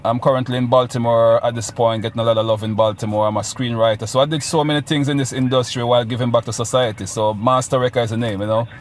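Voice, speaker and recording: A man's voice: mid-range voice, steady tone, fast talker, few pauses, a little hiss or hum. A Jamaican man in his forties, a musician guest talking casually in a radio interview. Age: 40s.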